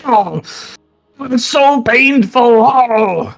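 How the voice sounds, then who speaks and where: A man voicing a skinny, bony male creature with five faces, taunting slowly and then wailing in fake pain. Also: very high-pitched, creaky, soft background music, heavily acted. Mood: fake whimpering.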